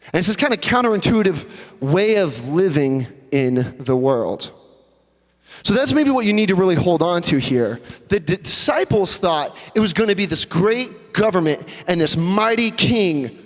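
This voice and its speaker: A man preaching a sermon as pastor, in a conversational, animated storytelling manner. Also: high voice, normal speed. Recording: long hall reverb.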